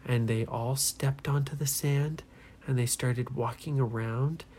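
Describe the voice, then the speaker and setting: A woman telling a children's adventure story in a gentle, drawn-out way, dropping to a whisper for tense moments. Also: extremely low pitch, fairly even intonation, slight background noise. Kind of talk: bedtime-style adventure storytelling.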